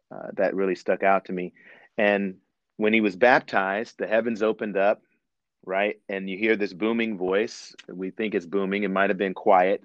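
A preacher describing a devotional practice in a reflective, unhurried way, with many fillers. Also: male voice, sits low, dry recording, muffled recording. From Ohio. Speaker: guest preacher. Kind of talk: phone-in devotional talk.

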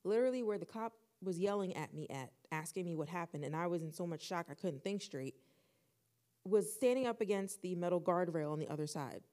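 Lively young woman telling a story. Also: on the low side, a little fast. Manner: animated, acts out quoted dialogue. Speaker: podcast co-host. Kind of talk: casual storytelling chat.

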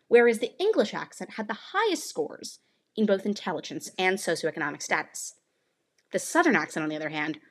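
A woman in her late teens hosting a podcast, delivering a scripted monologue with playful, teasing asides. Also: mid-range voice. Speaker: podcast host.

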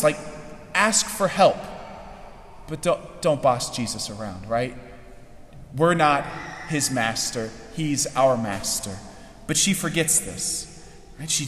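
A man's voice: on the high side, animated, measured pace, a bit bright. A man preaching a sermon in a conversational way, often checking in with the listeners. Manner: conversational, keeps asking "right?". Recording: echoey hall with long reverb.

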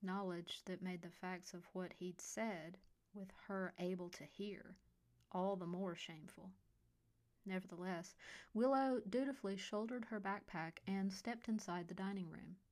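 Woman narrating a story quietly. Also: mid-range voice, measured pace.

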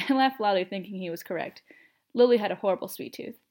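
A woman narrating a first-person story in an expressive, steady reading. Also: mid-range voice, fast talker.

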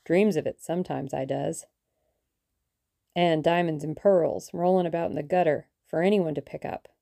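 A woman reading an audiobook, voicing a hoarse male thug who relishes violence. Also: deep voice, steady tone, moderate pace, mellow. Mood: grim relish.

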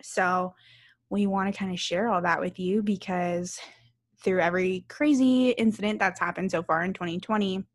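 A woman in her thirties co-hosting a podcast, telling a story in casual chat, animated and laughing, swearing freely. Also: fairly low pitch, normal speed. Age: 30s. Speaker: podcast co-host.

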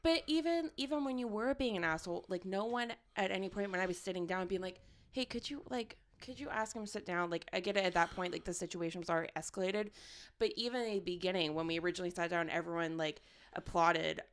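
Chatty woman in casual talk. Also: fairly low pitch. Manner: chatty, leans on "like", quick to laugh. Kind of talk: casual chat.

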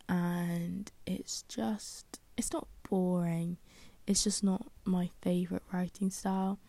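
A young woman rambles through a casual solo podcast, full of fillers and self-deprecating asides. Her voice is low with a gravelly fry. The sound is dry and mellow, with no room around it. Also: dry recording. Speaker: podcast host.

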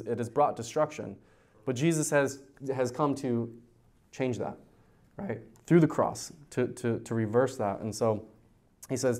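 A man's voice: medium pitch, darkish tone. Conversational male youth pastor teaching. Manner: conversational, asks the audience questions. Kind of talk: verse-by-verse teaching sermon.

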